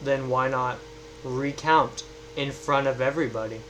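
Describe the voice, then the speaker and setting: A man at a tabletop game speaks slowly and deliberately, with a defiant edge. His voice sits at a middle pitch, and a faint hum runs underneath. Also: fairly even intonation, a bit bright, poor audio. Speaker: player. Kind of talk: tabletop role-play, in character at times.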